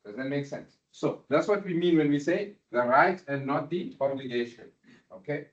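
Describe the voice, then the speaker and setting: A man's voice: fairly high pitch, normal speed. Man, university lecturer, quizzing students, echoey room, muffled sound. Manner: questioning, checks understanding often. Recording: roomy, dull lecture-hall recording.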